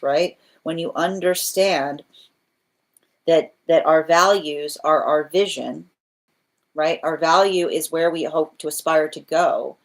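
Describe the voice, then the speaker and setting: Low-pitched woman tarot reader thinking aloud, earnest and repetitive. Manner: earnest, repetitive, often asks "right?"; restarts phrases while thinking aloud. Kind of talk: live tarot reading.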